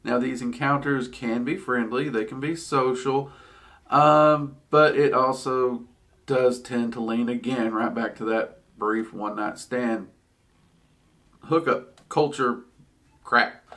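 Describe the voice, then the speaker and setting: A man's voice: mid-range voice, a bit bright. A man teaching about occult spirits in a casual, chatty way, with frequent ums and wry asides. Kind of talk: casual explanatory talk.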